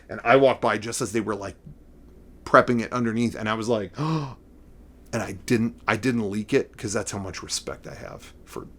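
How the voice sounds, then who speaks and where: A middle-aged man hosting a casual collecting vlog, rambling and excitable, playing up mock emotion. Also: fairly low pitch. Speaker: vlogger showing figure collection.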